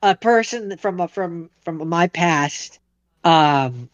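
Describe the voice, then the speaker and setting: A young man chats as a podcast co-host, stopping and restarting his sentences often. His voice is smooth and a little higher than most men's. It sounds close and dry, with a slightly dull, lo-fi tone. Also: animated, no room sound. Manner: halting, many fillers and restarts. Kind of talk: casual chat.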